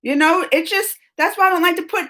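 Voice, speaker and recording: A woman with a high, bright voice talks casually to her live-stream viewers. She is excitable and chatty and laughs often. Her sentences ramble, with many restarts along the way. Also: fairly quick. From United States.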